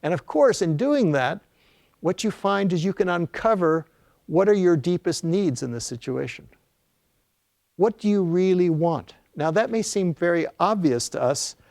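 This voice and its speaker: A man's voice: fairly high pitch, vocal fry, a little mellow, no room sound. An older man giving a talk as an author, telling an anecdote in a storytelling lecture style with frequent fillers and restarts.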